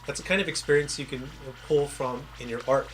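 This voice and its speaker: A man's voice: medium pitch, fairly quick, a bit bright, a little hiss or hum. A man who is a game developer, chatting casually with viewers on a livestream and trailing off and restarting mid-sentence, with a faint Southern American accent. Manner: rambling, self-interrupting storyteller.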